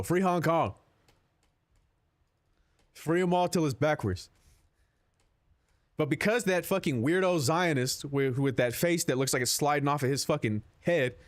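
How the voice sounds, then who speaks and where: A man streaming a game, chatting casually with his chat in a rambling, profane, laid-back way. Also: fairly high pitch.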